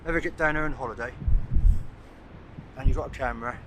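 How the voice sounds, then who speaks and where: An older man of middling pitch chats away to camera while taking pictures, filling his sentences with "uh"s as he thinks aloud. He is recorded outdoors on a cliff top, with clear outdoor noise running under his voice. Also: quick pace. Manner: rambling, thinking aloud with many "uh"s. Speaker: landscape photographer vlogger. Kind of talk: casual talk to camera while shooting. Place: outdoors on a coastal cliff at sunset.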